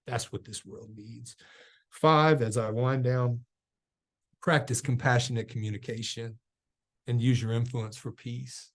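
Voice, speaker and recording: A man's voice: medium pitch, fairly even intonation, unhurried. A man giving a motivational training talk over a video call, telling stories and asking many rhetorical questions. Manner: conversational storytelling, many rhetorical questions, says "man" often.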